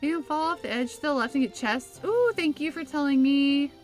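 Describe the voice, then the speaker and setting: A woman's voice: high voice, brisk, faint music behind. A woman from the Bay Area in California, chatting casually while streaming a game and reading her chat aloud. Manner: chatty, reads chat aloud, breaks into laughs.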